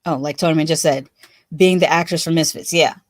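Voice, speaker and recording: A woman's voice: low-pitched, steady tone, a little fast, dry recording, clean studio sound. A woman hosting a casual live stream, chatting loosely, laughing often and restarting her sentences. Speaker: livestream host.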